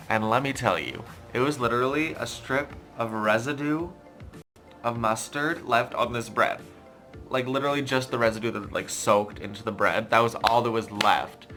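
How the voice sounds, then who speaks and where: Young man, bright voice, animated storytelling, faint music behind. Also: mid-range voice, normal speed. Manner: animated, self-mocking, exasperated. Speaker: YouTuber. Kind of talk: casual storytelling vlog.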